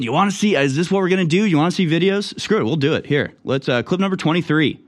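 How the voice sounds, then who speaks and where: A man's voice: medium pitch, lively intonation, fast talker, few pauses. A man hosting online news commentary, reacting to clips in an indignant manner with sudden exclamations. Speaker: political commentary host.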